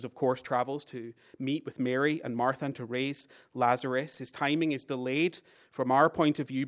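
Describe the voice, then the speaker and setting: A British man delivering a Sunday sermon, earnest and deliberate. His voice sits at an ordinary pitch, climbing for emphasis and falling away to a hush at the close of a thought, with key lines said twice. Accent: British English. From Britain. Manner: rises for emphasis, drops very quiet at phrase ends. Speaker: preacher.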